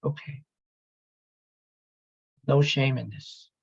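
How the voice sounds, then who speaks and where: Gravelly, husky man telling an emotional story. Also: medium pitch, highs cut off. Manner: halting, emotional, with pauses and restarts. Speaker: speaker telling his near-death story. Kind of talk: emotional personal testimony.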